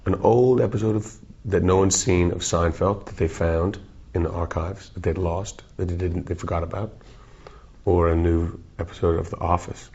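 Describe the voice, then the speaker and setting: With a deep, mellow, slightly rough voice, a forty-something musician talks at a normal speed in an even tone. His interview answers are goofy and rambling, full of jokes and self-interruptions, and the audio is dull and lo-fi.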